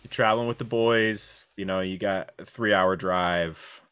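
A man's voice: sits low, steady tone, unhurried, fairly bright tone, smooth. A man co-hosting a fan podcast, asking playful questions with rambling asides. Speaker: podcast co-host. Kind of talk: casual interview chat.

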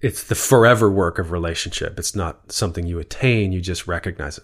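A man talks through his ideas in a relaxed interview, his voice slightly low. He is earnest and candid, drops curse words freely, and slips into quoted lines as he speaks. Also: fairly quick, few pauses. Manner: earnest and openly swearing, acts out quoted voices. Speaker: guest, bodyworker and spiritual healer. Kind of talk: reflective conversational talk.

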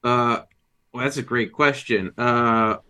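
A man playing a tabletop role-playing game, recounting his character's memories in a halting, searching first-person way. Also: mid-range voice, steady tone, bright, forceful tone, clear, resonant tone. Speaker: player.

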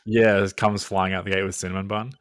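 A man's voice: deep voice, little pitch movement, quick pace, a bit bright, no echo, clean studio sound. A man co-hosting a podcast who rambles in a chatty way and says "like" all the time. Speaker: podcast co-host. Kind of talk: casual podcast chat.

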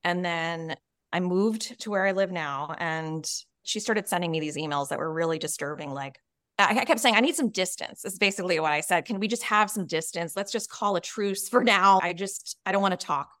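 A woman's voice: fairly low pitch, normal speed, dry recording, studio quality. Earnest woman telling her story. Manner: earnest and frank, many "you know" and "like" fillers, quotes others in animated voices. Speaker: podcast guest, author and coach. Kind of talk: candid personal storytelling in a podcast interview.

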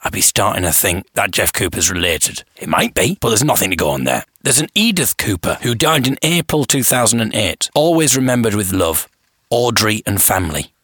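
A man's voice: on the low side, sing-song, a little fast, fairly bright tone, slightly rough, no echo, studio quality. A man narrating his own amateur investigation in first person, musing aloud with an inquisitive manner. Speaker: podcast host and investigator.

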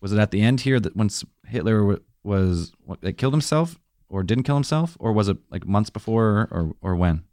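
A man's voice: fairly low pitch, animated, brisk, darkish tone, no room sound, studio quality. A man co-hosting a podcast in casual chat, asking questions and laying out theories. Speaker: podcast co-host.

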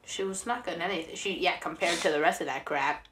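A woman's voice: fairly low pitch, fast, a crowd in the background. A woman co-hosting a film podcast in casual chat, teasing and giving blunt opinions. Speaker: podcast co-host.

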